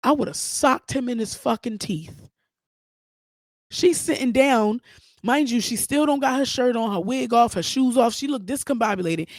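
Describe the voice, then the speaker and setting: A woman's voice: a little high, moderate pace, few pauses, no room sound. Outspoken woman podcaster, dry sound. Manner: outspoken, animated, profane. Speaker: podcast host. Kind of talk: casual commentary.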